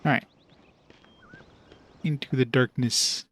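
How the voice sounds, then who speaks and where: Offhand let's-play commentator, dry sound. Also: male voice, mid-range voice, steady tone, takes it slowly, a bit bright, dry recording. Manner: grumbling, offhand remarks. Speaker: gameplay commentator.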